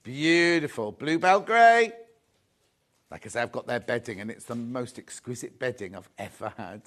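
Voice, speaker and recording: A man's voice: medium pitch, lively intonation, moderate pace, fairly bright tone. A man presenting a live shopping show, chatty and gushing, repeating his phrases as he shows off fabrics. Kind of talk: live sales chat.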